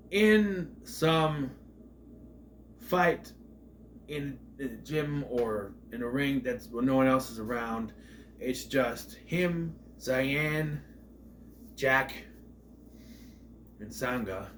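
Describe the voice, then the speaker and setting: Speaking at a medium pitch, this man casually rambles through a movie review, acting out scenes in character voices and bursting into loud, mock indignation. A little background noise is audible.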